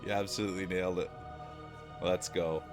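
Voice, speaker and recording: A man's voice: low-pitched, flat delivery, brisk, soft background music. A man livestreaming, talking casually and playfully with his chat, laughing often.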